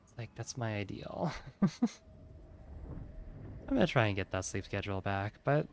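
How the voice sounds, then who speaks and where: Sleepy and yawning, a man chats loosely as he streams a game, his rambling peppered with "like." The voice is lowish, expressive and creaky with a darkish tone, moving at a moderate pace over slight background noise.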